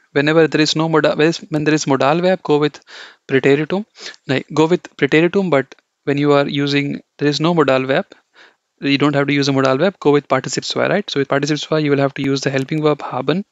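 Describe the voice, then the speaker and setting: In a dull, lo-fi, dry recording without echo, a man whose voice runs on the high side teaches German online. He works through it step by step, often checking in with "okay" and "you know."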